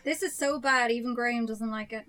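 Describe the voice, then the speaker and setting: A woman on a film review panel, asking questions and tossing in quick apologetic quips. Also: on the high side, a bit bright, no room sound. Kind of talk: casual film review chat.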